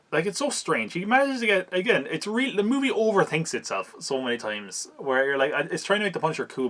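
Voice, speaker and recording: A man's voice: medium pitch, a bit bright. Chatty man recapping a film. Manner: chatty, wry, laughs at the film. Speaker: podcast host reviewing a film. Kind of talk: casual solo film recap.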